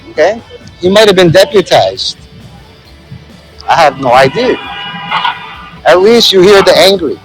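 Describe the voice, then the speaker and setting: A man's voice: high-pitched, lively intonation, normal speed, long pauses, faint music behind, poor audio. A man vlogging on a city plaza outdoors, rambling and joking into a handheld phone. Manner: rambling and joking, many fillers. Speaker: street vlogger. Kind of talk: casual walking commentary.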